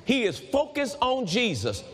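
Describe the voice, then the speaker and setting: Animated preacher with a lively voice. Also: male voice, extremely high pitch, unhurried, slightly rough, in a large hall. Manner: animated preaching, quoting scripture and acting out dialogue. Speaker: pastor. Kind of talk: sermon.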